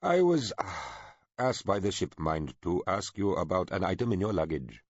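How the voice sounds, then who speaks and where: A man's voice: low-pitched, very animated, moderate pace, husky, no room sound, lo-fi sound, voice pushed up, exaggerated voice. A man doing a fidgety, apologetic envoy. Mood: awkward. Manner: hesitant, apologetic. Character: nervous bashful middle-aged male ship envoy.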